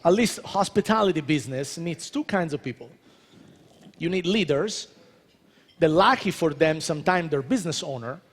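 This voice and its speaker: A man in his thirties from Italy with an Italian accent, giving a joking, animated motivational talk to a convention audience. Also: fairly high pitch, normal speed, slightly rough. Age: 30s. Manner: joking, animated, addresses crowd directly. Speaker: celebrity chef speaker. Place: large convention hall. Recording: reverberant hall.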